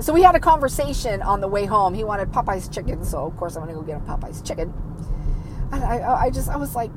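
Halting, emotional woman in a noisy vehicle. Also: a little high, expressive. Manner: emotional, halting, with many restarts. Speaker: vlogger caring for her father. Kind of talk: personal storytelling vlog.

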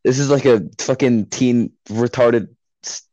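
A man's voice: medium pitch, steady tone, unhurried, dark tone, no room sound, poor audio. A teenage young man hosting a podcast, rambling through a profane story in casual chat. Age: late teens. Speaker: podcast host.

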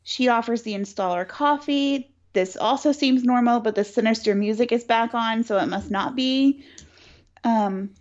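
Chatty higher-voiced woman, lo-fi sound. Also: moderate pace. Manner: chatty storyteller, lots of "like" and "um", sarcastic asides. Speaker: podcast co-host recapping a film. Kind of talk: casual chat. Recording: dull lo-fi sound.

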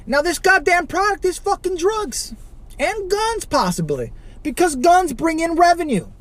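A man from Chicago hosting a podcast, ranting alone with constant swearing, rhetorical questions and sudden loud outbursts. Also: very high voice, sing-song, a little slow. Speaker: podcast host. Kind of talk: profane solo rant.

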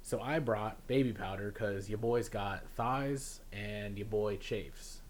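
A young man telling a story in casual chat, laughing often and mimicking officials in a lower, quieter voice. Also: slow, slight background noise.

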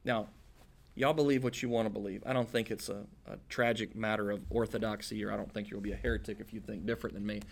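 A man's voice: fairly low pitch, steady tone, fast talker, creaky. A man preaching a conversational Bible-teaching sermon, casual and joking, with folksy slang.

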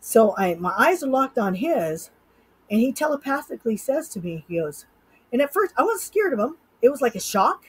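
A woman's voice: on the high side, very animated, normal speed, slightly rough, low-quality recording. A middle-aged woman from Utah, a hypnotist guest in an interview, telling a personal story with animation and acting out her own thoughts. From Utah, USA.

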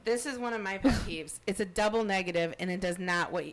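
A woman's voice: medium pitch, fast talker. A young woman co-hosting a casual podcast chat, upbeat and giggly, steering the topics along. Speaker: podcast co-host.

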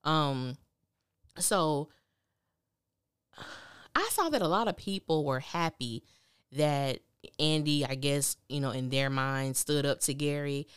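Slow and smooth, with frequent pauses, this low-voiced woman reviews a TV drama on her podcast. Her recap is frank and opinion-heavy, casual in tone, and she performs characters' lines herself. The studio sound is clean, with no room sound.

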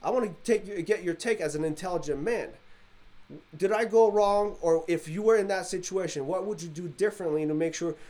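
A man from the Middle East telling a story in casual podcast chat, animated and acting out quoted dialogue. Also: high voice, fairly quick.

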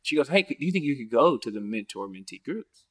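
A man guesting on a podcast, telling stories casually and acting out other people's lines with big jumps in pitch, laughing often as he goes. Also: a little fast. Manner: animated, acts out quoted voices with big pitch jumps; laughs often mid-story. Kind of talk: casual storytelling.

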